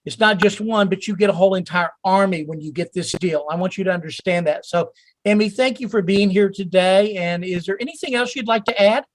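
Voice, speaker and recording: A man's voice: high-pitched, fairly quick, no room sound. A man hosting a call-in session who talks to callers by name in an encouraging, rambling way. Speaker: host.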